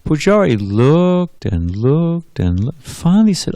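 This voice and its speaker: A monk delivers a storytelling sermon at a temple, sharing anecdotes, laughing often and posing questions to his listeners. His fairly high, sing-song voice moves slowly with a warm tone, and there's no room sound.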